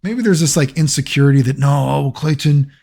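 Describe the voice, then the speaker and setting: A man's voice: mid-range voice, brisk, gravelly, darkish tone. A man speaking as a gaming YouTuber in casual commentary, rambling and sarcastic, swearing freely.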